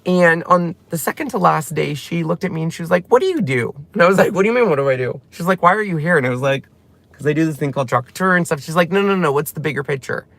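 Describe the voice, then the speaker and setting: A man's voice: on the high side, animated, fast, creaky, a bit bright, dry recording. A man hosting his own channel, talking in an emotional, rambling way and close to tears as he retells conversations. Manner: tearful, heartfelt, rambling retelling. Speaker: channel host. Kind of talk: emotional personal vlog talk.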